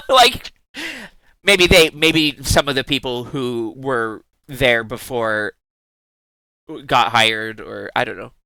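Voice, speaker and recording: A man's voice: medium pitch, lively intonation, slow pace, vocal fry, sharp tone, no room sound. A man streaming live in casual chat, giggling often and rambling in playful asides with many restarts.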